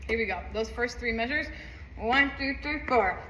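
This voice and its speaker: A woman's voice: on the high side, normal speed, sharp tone, reverberant, low-quality recording. A woman teaching a saxophone part, upbeat, counting aloud and singing rhythms. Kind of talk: music lesson walkthrough.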